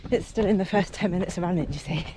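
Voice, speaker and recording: A woman in her fifties vlogs outdoors by a lake, talking to a handheld camera on a training run. Her voice is lowish and quick, with a noisy background. She's chatty and casual, sometimes out of breath and talking between breaths.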